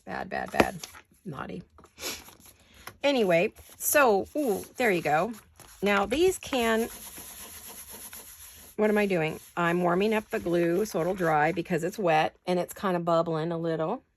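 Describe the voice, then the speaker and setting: A woman's voice: on the low side, big pitch swings, a little slow, long pauses, slight background noise. A middle-aged woman chatting casually and rambling while she does a paper craft, now and then breaking into giggles. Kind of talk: casual craft-along chat.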